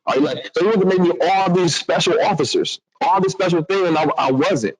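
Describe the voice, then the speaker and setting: Animated man telling a story. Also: sits high, a little fast, crowd noise, low-quality recording. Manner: animated, acts out other voices, restarts a lot. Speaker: public speaker telling a personal story. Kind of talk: storytelling talk to an audience.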